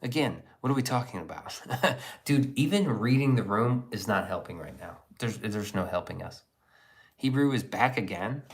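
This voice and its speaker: A man's voice: on the low side, expressive, moderate pace. Guy rambling on a livestream, crude jokes, voice bounces all over. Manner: crude, joking, rambling banter. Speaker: livestream host. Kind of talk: casual livestream chat reading.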